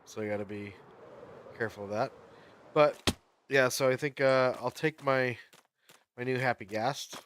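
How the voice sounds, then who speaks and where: A man's voice: mid-range voice, measured pace, long pauses, noisy background. A man chatting casually on a livestream while he plays, laughing often as he tells stories.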